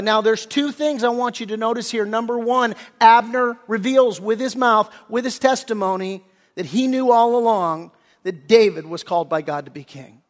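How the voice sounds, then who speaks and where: A male pastor preaching a sermon in a casual, conversational way, with slangy paraphrases and frequent throat clearing. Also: high-pitched, normal speed, in a large hall.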